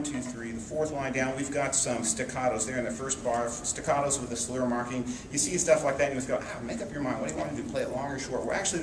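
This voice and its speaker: A man giving a trumpet lesson in a relaxed, explanatory way, singing phrases on syllables now and then. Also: medium pitch. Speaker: trumpet teacher. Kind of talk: music lesson explaining an etude. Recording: echoey, distant mic with room noise.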